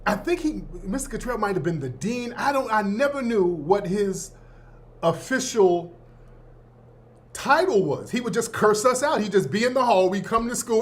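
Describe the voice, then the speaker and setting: Male host in his fifties, high voice, laid-back slangy storyteller who laughs a lot. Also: animated, normal speed. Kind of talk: casual storytelling.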